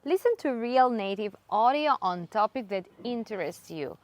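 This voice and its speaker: A woman whose first language is Spanish narrates an English lesson, slowing down to demonstrate phrases with emphasis. Her voice is fairly high and very lively, recorded dry and close. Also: dry recording. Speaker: English teacher.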